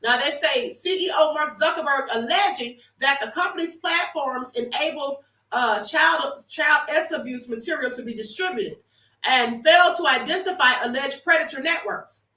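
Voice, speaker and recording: Bright high-voiced woman streaming commentary. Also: moderate pace, far from the mic. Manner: emphatic, talks to viewers as honey. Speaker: livestream host. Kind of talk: casual commentary livestream. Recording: roomy echo, off-mic.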